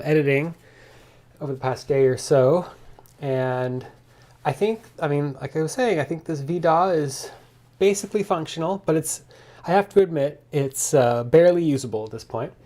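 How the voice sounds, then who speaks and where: A man thinking aloud in a casual coding log as he walks through his software bugs, with lots of restarts and asides, keyboard typing behind him. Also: fairly high pitch, normal speed. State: slightly out of breath.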